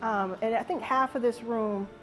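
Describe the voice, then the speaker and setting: A woman's voice: on the high side, steady tone, normal speed, a bit bright. A woman speaking on stage at a live event, playful and emphatic, calling out to the whole room. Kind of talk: energetic live talk to an audience. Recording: live hall with crowd and music behind.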